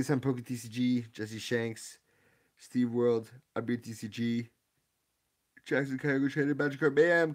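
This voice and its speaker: Excitable young man live-streaming. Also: mid-range voice. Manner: excitable, rambling, hypes up the audience. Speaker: streamer opening trading card packs. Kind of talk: casual live-stream chat with viewer shout-outs.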